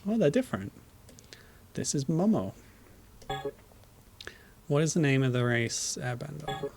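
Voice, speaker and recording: Man, gravelly voice, mid pitch, wry, tired, casual gameplay commentary. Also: very animated, a little slow, noisy background. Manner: wry, dry jokes, chuckles at the game. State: tired, low energy. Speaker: streamer.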